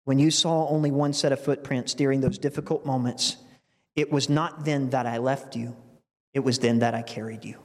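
A man voicing a gentle, loving male God who speaks softly and tenderly. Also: medium pitch, steady tone, normal speed, close to an everyday voice. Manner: soft and tender. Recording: long reverb from a large hall.

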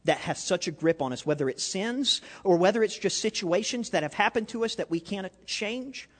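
A high-pitched, expressive preacher talks at a normal pace, asking his congregation questions and telling a story as his sermon unfolds. The recording carries the echo of a reverberant hall.

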